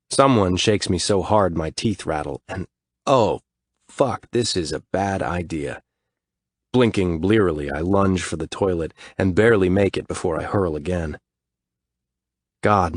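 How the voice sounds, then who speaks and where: A man's voice: low-pitched, moderate pace, husky, no echo. A man narrating a story in first person, weary and grumbling, with frequent swearing. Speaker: audiobook narrator.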